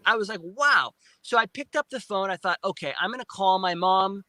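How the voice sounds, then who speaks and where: A male guest on a live interview recounting a personal experience in animated storytelling, restarting and repeating words often and acting out his own remembered speech. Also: high-pitched, moderate pace, dry recording, poor audio. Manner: excited retelling with frequent restarts and repeated words; acts out his own past speech in quotes. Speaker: guest, film producer.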